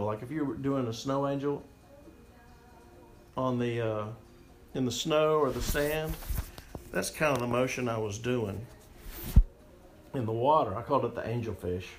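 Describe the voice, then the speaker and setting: Man telling a story in a roomy space. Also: medium pitch. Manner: rambling and conversational, with restarts. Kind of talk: personal story narration. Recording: roomy echo, faint music behind.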